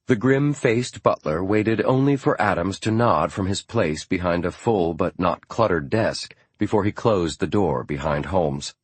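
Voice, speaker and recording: Brief: male audiobook narrator, very low husky voice, steady delivery. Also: dry recording. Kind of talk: scripted narration.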